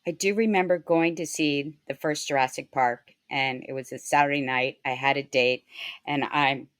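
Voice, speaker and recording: A woman co-hosting a casual chat, telling stories in a measured, reflective way. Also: sits low, steady tone, fairly bright tone, no echo, studio quality. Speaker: co-host.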